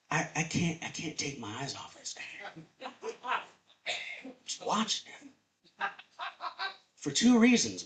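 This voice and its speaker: Guy in his fifties telling a story live, voice bounces all over, kinda high. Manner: animated, conversational, acts out voices.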